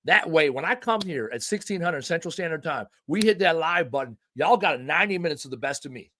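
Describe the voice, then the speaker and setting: A lively male podcast host with a fairly high voice that swings widely in pitch. He talks in an emphatic, folksy way and swears without a second thought, keeping the chat loose and casual. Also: fairly quick, a little hiss or hum. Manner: animated, emphatic, folksy and profane.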